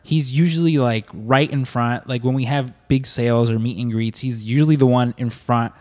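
A man's voice: medium pitch, steady tone, moderate pace, a little mellow, in a large hall. A man telling a story in casual chat, hesitant and full of fillers.

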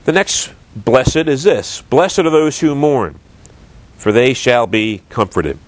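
Animated man preaching a sermon. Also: medium pitch, slow pace. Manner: earnest, preaching with rising emphasis and rhetorical questions.

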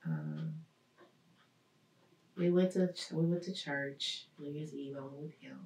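Guest woman, slightly rough voice, halting testimony, recorded from a distance with room echo. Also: low-pitched, sing-song, darkish tone, slight background noise. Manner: halting, searching, with many pauses and fillers. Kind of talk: personal testimony in an interview. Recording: roomy echo, mic at a distance.

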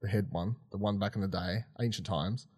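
A man's voice: on the low side, steady tone, a little fast, a little mellow, slightly rough, dry recording, studio quality. A man co-hosting a podcast, reviewing an episode in casual chat, exasperated, swearing and laughing often. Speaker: podcast co-host.

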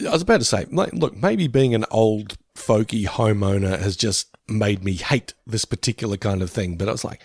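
Gravelly Australian man, jokey podcast chat. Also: on the low side, moderate pace, hardly any pauses, no room sound, clean studio sound. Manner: jokey, laughs often, swears freely. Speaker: podcast co-host. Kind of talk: casual chat.

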